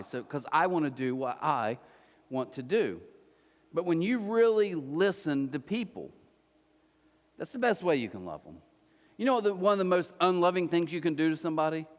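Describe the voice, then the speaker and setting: Man, pastor, casual sermon, acts out scenes, slightly high voice, long church reverb. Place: church auditorium.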